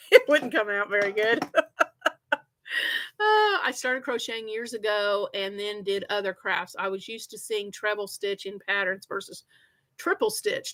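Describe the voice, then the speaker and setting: A middle-aged woman with a fairly high, very bright voice hosts a relaxed livestream. She chats and rambles with her viewers, often breaking into laughter as she goes. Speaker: crochet channel host. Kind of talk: casual livestream chat with viewers.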